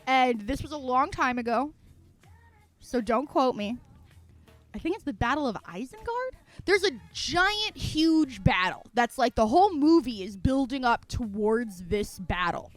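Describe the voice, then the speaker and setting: High-voiced woman telling a story. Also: measured pace, soft background music. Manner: animated, swears freely, laughs often, acts out quotes. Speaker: streamer. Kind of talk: casual storytelling chat.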